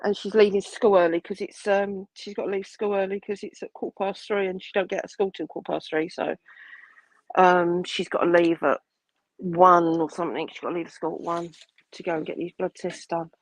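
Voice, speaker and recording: A guest tells a personal family story in casual conversation, rambling, restarting often and acting out what people said. Her voice is fairly low with fairly even intonation and a fairly quick pace, in poor audio with no room sound.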